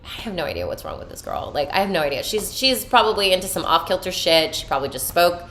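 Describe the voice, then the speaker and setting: A woman's voice: on the low side, animated, fast, fairly bright tone, slight background noise, voice pushed up. A woman briefly voicing her bemused, laid-back male partner in an offhand, amused tone.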